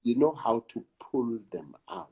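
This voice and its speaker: A South African man, an actor and director, talking in an interview in a slow, emphatic way and repeating words for weight. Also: mid-range voice, animated, slightly rough, phone-quality sound. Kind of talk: reflective conversation.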